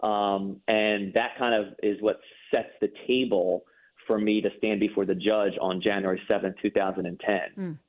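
A man's voice: fairly low pitch, fairly even intonation, normal speed. A man telling his personal story as an interview guest, earnest and emphatic, repeating words when moved. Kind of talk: personal testimony in a faith interview. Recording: phone-line audio.

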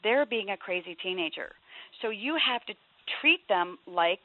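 A woman's voice: mid-range voice, animated, moderate pace. Earnest woman guest over a phone line. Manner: emphatic, earnest advice, drops to a soft voice for quoted pleas. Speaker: author and guest. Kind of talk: interview on parenting.

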